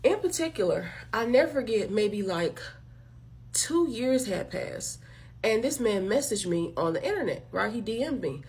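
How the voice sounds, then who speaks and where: A woman's voice: mid-range voice, big pitch swings, normal speed, darkish tone. Blunt, fired-up woman ranting to viewers. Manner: blunt, emphatic, profane, addresses listeners as y'all. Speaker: channel host. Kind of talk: direct-to-camera commentary rant.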